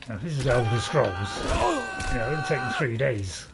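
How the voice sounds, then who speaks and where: Heavy background noise accompanies this man's medium-pitched voice, which swings hugely in pitch at a moderate pace. As host of his own gaming channel, he chats to himself in a rambling let's-play commentary, chuckling frequently.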